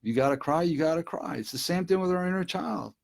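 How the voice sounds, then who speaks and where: A man's voice: on the high side, animated, fast, vocal fry. A middle-aged man speaking earnestly and directly to listeners on a casual live stream from his desk at home. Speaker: recovery speaker.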